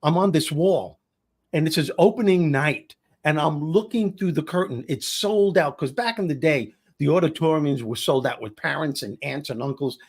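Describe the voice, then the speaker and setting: A middle-aged man spins a story in a casual chat. His delivery is punchy and comic, and his voice sits a touch high. He sounds like he is talking on a video call. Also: normal speed, husky. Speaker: guest comedian and speaker.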